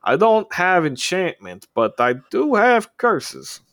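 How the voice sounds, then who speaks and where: A man's voice: medium pitch, big pitch swings, moderate pace, sharp tone, no room sound, clean studio sound, voice pushed up. A man voicing an eager, chatty male bookshop keeper who rambles with fillers. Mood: musing. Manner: rambling, filler-heavy, upbeat.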